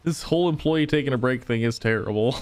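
A man's voice: mid-range voice, quick pace, background noise. A man casually commenting on his own gameplay, talking to viewers and to himself with frequent exclamations. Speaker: gaming channel host.

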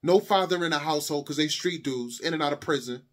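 Impassioned husky man ranting. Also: on the high side, quick pace. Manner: impassioned, repetitive, lectures the viewer. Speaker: video commentator. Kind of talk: heated monologue to camera.

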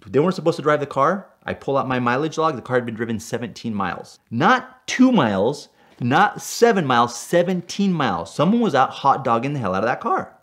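A man from Puerto Rico telling a personal car story in an animated way. He gets worked up as he goes and often checks in with "right?". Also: medium pitch, a little fast. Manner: excitable, tags lines with "right?", gets worked up as he tells it. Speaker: stunt driver telling car stories.

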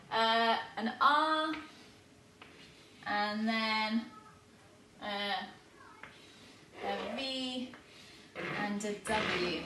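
A woman with an English accent, a primary school teacher giving a spelling lesson to young children at a chalkboard, talking in a bright, encouraging way and sounding every word out clearly. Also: mid-range voice, far from the mic, slight background noise. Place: classroom with a chalkboard. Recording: echoey room, voice away from the mic.

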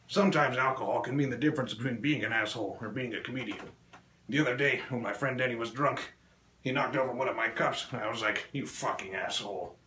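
A man doing a crude stand-up comedy set, delivering deadpan one-liners on a small club stage. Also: mid-range voice, slight background noise. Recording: echoey room with faint ambience.

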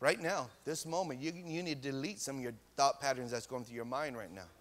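A man preaching a sermon as pastor, animated and repeating phrases, in a church hall. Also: mid-range voice, a little fast.

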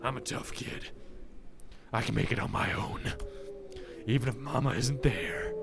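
A man's voice: mid-range voice, animated, unhurried, vocal fry, crowd noise, pitched below the performer's own voice. A man voicing a scared, lonely little boy who is lost at night, small and pleading. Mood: stubborn.

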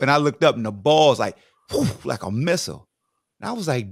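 Animated former football player telling stories. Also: male voice, medium pitch, fairly quick, vocal fry, dry recording, studio quality. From Virginia. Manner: lively, acts out voices in his anecdotes. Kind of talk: animated storytelling interview.

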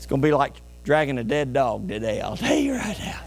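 A pastor preaching a folksy, animated sermon, asking the congregation questions and telling homey stories. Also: male voice, mid-range voice, fairly quick, gravelly. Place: church sanctuary.

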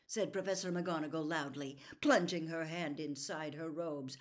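A woman reading a novel aloud in an expressive storytelling manner, dropping softly for quiet lines. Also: low-pitched, moderate pace, few pauses. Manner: expressive, soft-spoken character reading. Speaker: audiobook reader.

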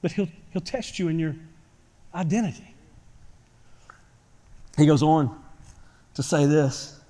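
A pastor preaching a sermon to his church, swinging from quiet talk to loud shouting. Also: a little high, slow. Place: church sanctuary. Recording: church hall reverb.

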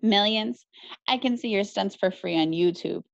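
A woman's voice: mid-range voice, moderate pace, gravelly, close to an everyday voice. A woman voicing a brash girl who teases her friends. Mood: teasing. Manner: brash, teasing. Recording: dry, slightly muffled recording.

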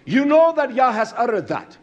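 A man preaching a sermon, slow and emphatic with many fillers, rising to shouts and then dropping low. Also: big pitch swings, muffled recording.

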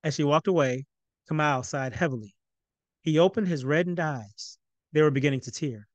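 Male author narrating his novel, fairly high voice, dry close sound. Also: brisk, no room sound. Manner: even, storytelling narration. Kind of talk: reading his novel aloud.

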